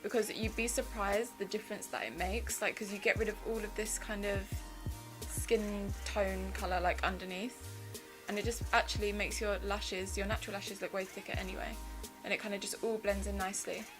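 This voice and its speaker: Over background music, a beauty vlogger in her twenties walks viewers through her makeup routine one step at a time, sounding eager and casual. She speaks briskly in a steady, mid-range voice, and the audio is poor.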